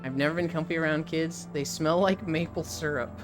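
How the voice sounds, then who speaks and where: A woman streamer in casual, rambling live chat, candid and quick to swear. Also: low voice, over music. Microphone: desk microphone.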